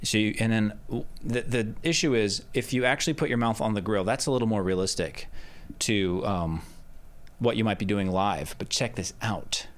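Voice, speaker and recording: A man's voice: lowish voice, normal speed. A man explaining step by step how he records vocals, speaking into a handheld mic about a foot away in a treated studio. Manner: explains step by step, with loud sung test shouts. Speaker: music producer teaching recording. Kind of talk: casual tutorial demonstration. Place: treated home studio with curtains and rock wool. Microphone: handheld dynamic mic about a foot away.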